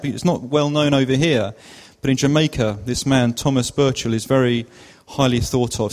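A man preaching a sermon, telling a story in a conversational way with self-deprecating asides. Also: mid-range voice. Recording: long hall reverb.

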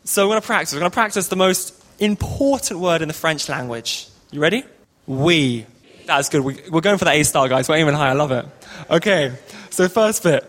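A man's voice: a little high, animated, fairly quick, few pauses, a bit bright. A man telling a comic story and leading a group in a playful, upbeat, ad-libbing way.

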